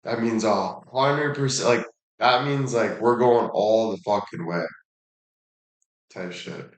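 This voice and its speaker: A man's voice: fairly low pitch, slow pace. A man talking in a casual monologue, blunt and emphatic, swearing heavily and repeating himself for emphasis. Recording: echoey room.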